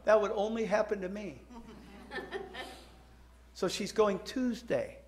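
A man's voice: sits high, slow pace. A man who is a pastor, chatting and joking with his congregation, then praying earnestly. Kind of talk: sermon announcements and prayer. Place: church sanctuary.

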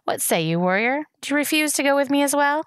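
A woman's voice: high-pitched, expressive, fast, no room sound, clean studio sound, pitched above the performer's own voice. A woman voicing a cunning, menacing male rat who speaks with mocking sarcasm. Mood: sarcastic.

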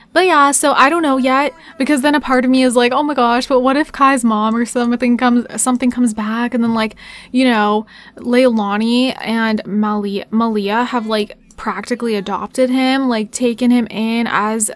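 A young woman giving casual, excitable gameplay commentary, talking fast and chatty as she plays. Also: on the high side. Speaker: gaming YouTuber.

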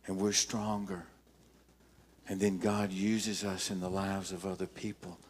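An older man preaching a sermon as pastor, emphatic, telling stories with dramatic pauses. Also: low-pitched, level tone, a little hiss or hum.

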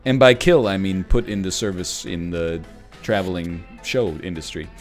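A man's voice: low voice, normal speed, soft background music. A man chatting and joking casually with friends during a party game, laughing often and slipping into goofy voices. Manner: jokey, breaks into laughter, slides into goofy impressions. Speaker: streamer playing a party game.

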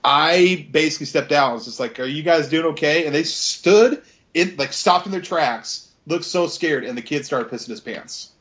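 A man's voice: fairly high pitch, expressive, normal speed, few pauses, a bit bright. A young man telling stories in a laid-back, profane way, with many fillers, in casual chat.

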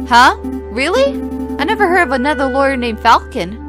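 A bouncy, cheeky young sparrow sidekick, chatty and quick to question, as a woman voices him. The voice rides fairly high. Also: sing-song, music in the background. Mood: surprised. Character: sparrow lawyer's assistant, male, eager and chatty.

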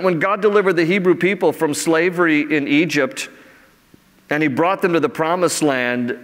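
A man's voice: on the high side, a bit bright, in a large hall. A man, preaching earnestly as a pastor and rising in emphasis on key phrases. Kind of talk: sermon. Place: church sanctuary.

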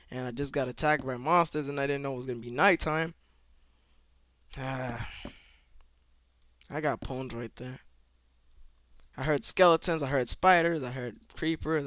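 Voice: medium pitch, dry recording. A gameplay commentator talking to viewers, reacting with panicky exclamations and repeating himself. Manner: excitable, panicky reactions, yelling at monsters; talks to viewers, repeats phrases. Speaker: gameplay video maker.

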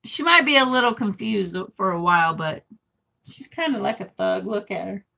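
A woman's voice: mid-range voice, animated, moderate pace, gravelly, pushed and bright. A woman hosting a casual livestream, reading viewer comments aloud and laughing often. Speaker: livestream host reading chat. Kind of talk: casual live chat.

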